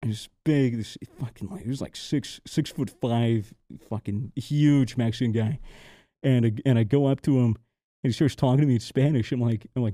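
A young man from the United States hosting a podcast, telling a story in a profane, animated way and acting out the exchanges. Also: mid-range voice, normal speed, no echo, studio quality. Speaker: podcast host. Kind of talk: casual storytelling chat.

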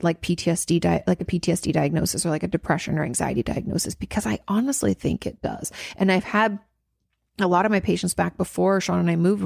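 A woman's voice: lowish voice, vocal fry, a little mellow, no echo, clean studio sound. A woman therapist hosting a podcast, answering a listener's question in casual, rambling talk with emphatic repetitions and restarts.

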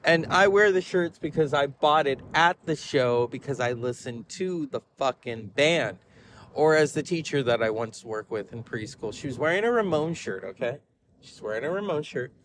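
A man hosting a podcast, telling rambling stories in an animated way with frequent laughs. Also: on the high side, normal speed, a little hiss or hum. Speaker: podcast host. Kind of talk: casual rambling monologue.

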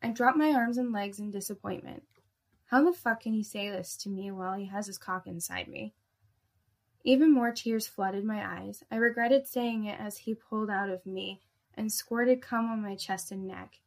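Woman reading first-person erotic fiction, soft and intimate, with a gravelly fry. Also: medium pitch, normal speed. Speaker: story narrator.

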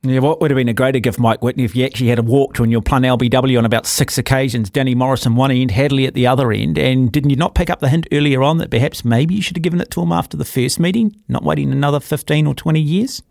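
A man's voice: medium pitch, steady tone, quick pace, vocal fry, few pauses, darkish tone, dry recording, studio quality. A man hosting a radio show, chatting in a rambling, teasing way with plenty of fillers. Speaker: radio host. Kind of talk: casual radio chat. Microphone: studio microphone.

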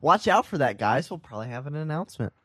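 A man's voice: a little high, very animated, fast, sharp tone, dry recording, clean studio sound. A man co-hosting a podcast, chatting in a laid-back, joking way. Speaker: podcast co-host. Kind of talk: casual chat.

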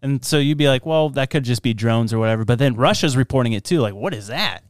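A man's voice: medium pitch, expressive, quick pace, dry recording, studio quality. A man co-hosting a podcast, chatting casually and joking around. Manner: joking, playful. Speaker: podcast co-host. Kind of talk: casual chat.

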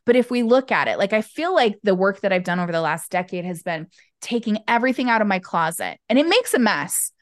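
A woman guest talking candidly in an interview over a video call, expressive and acting out the voices she quotes. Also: medium pitch, a little fast, dry recording, clean studio sound. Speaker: podcast guest, intuitive business owner. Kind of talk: candid conversational interview talk.

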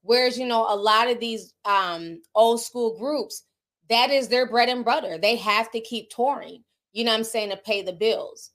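A woman with a Southern US accent talks casually to her livestream audience. Her voice sits a little high, and she speaks in a frank, chatty way while reacting to chat comments. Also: moderate pace, a bit bright. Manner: chatty, candid, laughs often, reacts to viewer comments. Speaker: livestream host reading chat. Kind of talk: casual celebrity gossip chat.

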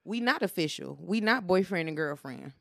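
A woman's voice: fairly low pitch, animated, normal speed, vocal fry, fairly bright tone, no room sound, studio quality. A young adult woman, a podcast guest, telling a personal story in blunt, profane, casual chat.

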